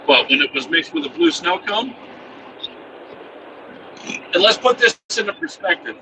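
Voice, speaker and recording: Man, casual swearing storyteller, a bit high-voiced, mic set back, road rumble behind. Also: sing-song, measured pace. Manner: profane, rambling, chuckling. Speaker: vlogger telling a story. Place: inside a truck cab. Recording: distant mic with loud vehicle noise.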